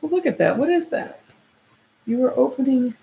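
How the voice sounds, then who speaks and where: A woman working as a psychic medium, giving a live reading, hesitant and searching with many fillers and restarts, turning soft and slow when she passes on messages. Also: high-pitched, very animated, creaky.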